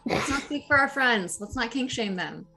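A woman's voice: on the high side, lively intonation, normal speed, gravelly, bright, forceful tone, husky, soft background music. A woman playing a tabletop game, joking playfully in character. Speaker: player.

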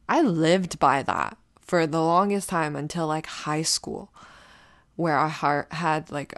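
Woman with a low voice, loose and profane, rambling through a story in a dry room. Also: no echo. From grew up partly in Canada, moved there as a child. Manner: rambling, swears often, many restarts and asides. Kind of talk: casual profane storytelling monologue.

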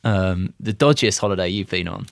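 Gravelly low-voiced male host. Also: normal speed, dry recording. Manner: conversational, prompting questions. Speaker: podcast host. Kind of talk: interview.

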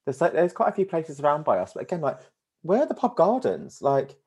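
A young man co-hosts a relaxed podcast with a friend. He chats easily and breaks into laughter often. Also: on the high side, fairly quick, husky. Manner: giggly, laughs often between lines. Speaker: podcast co-host. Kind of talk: casual chat.

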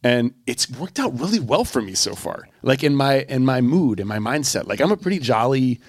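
A man's voice: mid-range voice, sing-song, normal speed, dry recording, clean studio sound. A man co-hosting a podcast, talking candidly with his wife in a reflective, self-deprecating way. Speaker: podcast co-host.

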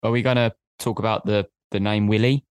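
A man co-hosting a podcast, talking in a measured, clarifying way. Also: fairly low pitch, fairly even intonation, clear, resonant tone, no room sound. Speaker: podcast co-host. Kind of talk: casual chat.

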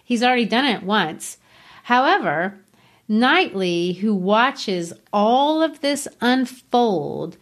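A woman hosting a book podcast, recapping and narrating a novel with enthusiasm. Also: mid-range voice. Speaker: podcast host.

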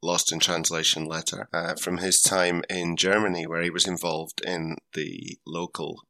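A man's voice: low-pitched, little pitch movement, moderate pace, gravelly, sharp tone. A man hosting a comic podcast in a casual chat, reading listener letters aloud and chuckling now and then. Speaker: podcast host.

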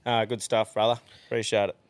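A man's voice: fairly low pitch, flat delivery, brisk. An Australian man hosting a podcast, chatting casually and swearing freely in a laid-back way. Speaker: podcast host. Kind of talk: casual chat.

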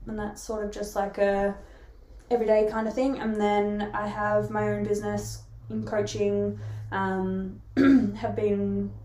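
A woman's voice: mid-range voice, level tone, unhurried, mellow. Australian woman in her thirties, chatty. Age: 30s. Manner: chatty, laughs easily, self-correcting. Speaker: podcast co-host. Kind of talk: casual chat. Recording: roomy echo.

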